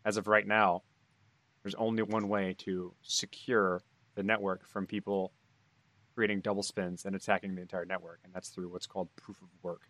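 Low-voiced guy calmly explaining stuff on a podcast, dry close sound. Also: moderate pace, no room sound. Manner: calm, explanatory. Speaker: podcast co-host. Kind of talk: casual podcast chat.

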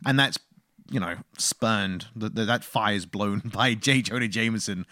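A man co-hosting a casual film review podcast, animated and quick to laugh, often slipping into brief mock voices. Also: on the low side, no echo, studio quality. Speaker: podcast co-host.

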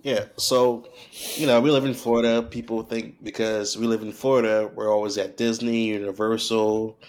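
A man's voice: lowish voice, little pitch movement, normal speed, a little mellow. A man co-hosting a podcast in casual chat, teasing and playful, often laughing. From not from the local area. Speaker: podcast co-host.

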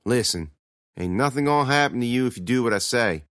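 A man voicing Lee, a steady, protective teenage older brother who gives orders in drawling country speech, in a horror storybook reading. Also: medium pitch, brisk, no room sound, studio quality, lightly acted. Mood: calm, commanding.

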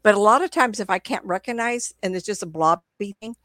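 A woman's voice: mid-range voice, brisk, a bit bright, no echo, clean studio sound. An older woman speaking with a sore throat, telling stories in a rambling casual chat, with many restarts. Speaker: psychic medium guest. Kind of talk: casual conversational storytelling.

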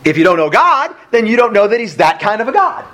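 A man's voice: sits high, sing-song, fast, sharp tone. A male pastor preaching a sermon at a church service, emphatic, with rhetorical questions and casual asides.

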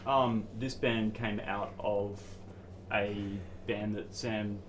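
A man recounting his band's beginnings in casual chat, relaxed and a little hesitant. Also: on the low side, slow pace, background noise. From Australia. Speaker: band member guest.

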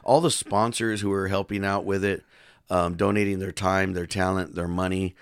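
Gravelly-voiced man co-hosting a podcast. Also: deep voice, normal speed, dry recording, studio quality. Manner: relaxed, promoting a community event, many fillers. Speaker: podcast co-host. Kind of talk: casual chat.

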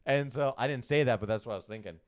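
A man's voice: medium pitch, fast. A young man on a casual podcast, telling a story with lots of laughs, swearing and quoted dialogue. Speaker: podcast co-host.

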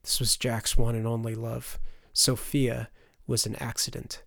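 A man narrating a fantasy audiobook in a measured storytelling voice. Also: mid-range voice, level tone, vocal fry, a bit bright, no room sound, clean studio sound.

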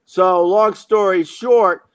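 A man's voice: sits high, fairly even intonation, takes it slowly, clear, resonant tone, no room sound. A man telling a comic story in a profane, self-mocking monologue as host.

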